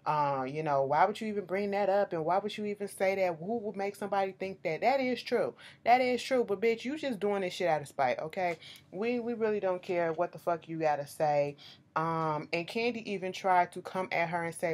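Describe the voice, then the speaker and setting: A woman's voice: fairly low pitch, fairly quick. A woman, recapping a reality show in blunt, swear-filled casual commentary, often ending points with "okay?". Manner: blunt, animated, swears freely, says okay to close points.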